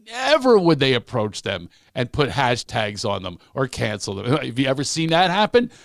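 A comedian guest with a medium-pitched, sing-song voice and vocal fry speaks at normal speed in a clean studio recording with no room sound. In this animated podcast conversation, he rants and repeats words when he gets fired up.

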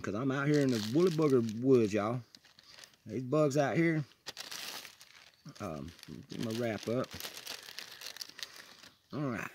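A man's voice: medium pitch, no echo. A man chatting casually outdoors on a wooded trail, folksy and enthusiastic as he forages. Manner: folksy, enthusiastic, keeps saying "y'all". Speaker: vlogger foraging on a hiking trail. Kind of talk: casual outdoor vlog chat.

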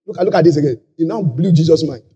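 A man with a Nigerian accent preaching a sermon, shouting key lines and lapsing into a sing-song cadence. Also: a little high, quick pace, husky, muffled recording. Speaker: pastor. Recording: live conference hall.

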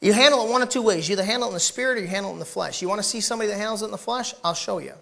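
Man in the pulpit, bright and forceful, who builds to shouts and then drops to low asides while checking the room. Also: very fast, vocal fry. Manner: swings from shouted emphasis to quiet, joking asides; asks the congregation questions directly. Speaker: pastor. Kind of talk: sermon. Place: church.

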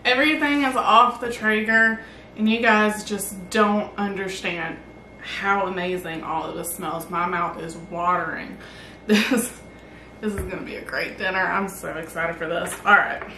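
A woman hosting a casual barbecue cooking vlog, chatty and excited as she cooks and tastes the food. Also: medium pitch, measured pace, reverberant, recorded from a distance, slight background noise, rough recording. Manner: excited, chatty, talks while tasting. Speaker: barbecue channel host.

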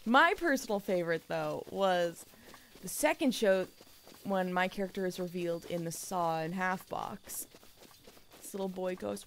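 A woman's voice: medium pitch, moderate pace, dry recording. A woman streamer giving casual let's play commentary, chatty and full of fillers, with the odd mild swear. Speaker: gaming streamer.

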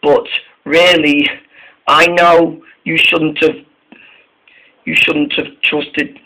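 Storybook engine, male, anxious and pleading, high voice, slow and halting, put on by a male reader. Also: flat delivery, creaky, pushed and bright, full character voice, low-quality recording. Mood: cross. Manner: pleading, repeats himself. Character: worried male diesel engine, eager to talk.

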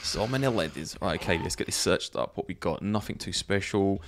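A man's voice: low-pitched, animated, a little fast. A man chatting casually while he plays a zombie survival game, thinking aloud and laughing often. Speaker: gaming YouTuber. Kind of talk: let's play commentary.

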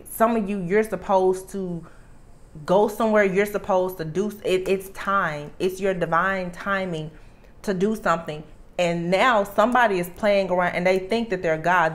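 Low-voiced woman giving an earnest tarot reading. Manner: earnest and emphatic, with frequent restarts and "like". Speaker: tarot reader.

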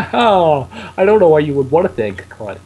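A man with a husky voice trading dry jokes with a friend while they play. His pitch moves around quite lively as he reads the game's text aloud in a teasing tone. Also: normal speed, narrow, tinny audio. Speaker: let's play co-host. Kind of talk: casual gameplay chat.

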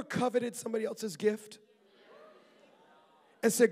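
A man preaching a sermon as pastor, lively and talkative, with asides to the congregation and laughter. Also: sits high, moderate pace, in a large hall. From Maryland. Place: church auditorium.

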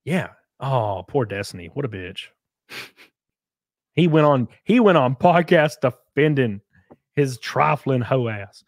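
A man's voice: mid-range voice, expressive, takes it slowly, no room sound, studio quality. A man chatting casually on a podcast, telling blunt, crude stories. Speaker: podcast host.

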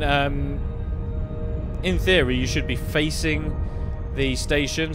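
A man chatting and joking casually while streaming a space game live, swearing now and then. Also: medium pitch. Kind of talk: live gameplay commentary. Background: game music.

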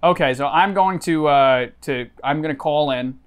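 A man's voice: fairly high pitch, normal speed, clear, resonant tone. A man improvising a comic phone-call scene, playful and hesitant, often stumbling over his words. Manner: playful, hesitant, breaks into laughter. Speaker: improv comedian.

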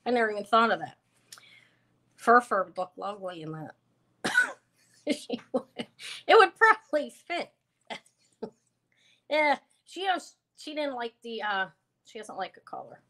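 A woman with a slightly high, pushed, bright voice hosts a live online jewelry auction. She chats casually and rambles, full of fillers and self-corrections, in the style of live-stream selling talk.

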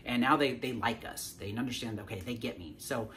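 A man's voice: mid-range voice, a little fast, fairly bright tone, a little hiss or hum. A man giving a casual sales coaching talk to the camera, often tagging his points with "right?" and repeating words as he restarts.

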